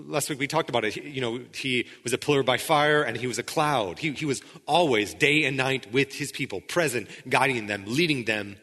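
A man preaching a sermon in a conversational way, with frequent restarts, sometimes dropping into quiet intensity. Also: mid-range voice, breathy edge, in a large hall. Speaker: pastor.

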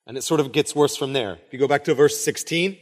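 A man's voice: medium pitch, fast talker. A man preaching a conversational sermon, full of casual asides and rhetorical questions. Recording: long hall reverb.

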